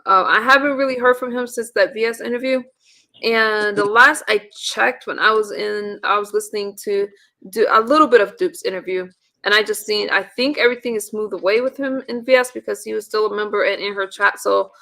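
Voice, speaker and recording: Woman host for a live chat stream; gravelly, bright tone, rambling and chatty. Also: medium pitch, steady tone, brisk. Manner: chatty, rambling with many restarts. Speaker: livestream host.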